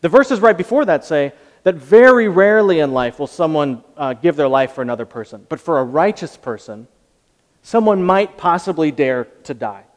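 A man preaching a sermon, earnest, moving from hushed lines to emphatic ones. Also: fairly high pitch, expressive, moderate pace, big-room sound. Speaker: pastor. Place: church hall.

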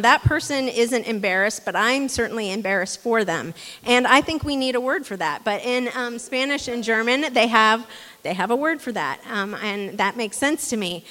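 A woman giving a relaxed, chatty sermon in a church, talking with many ums and restarts. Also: a little high, long reverb tail. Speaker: church speaker. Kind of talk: casual conversational sermon. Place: church hall.

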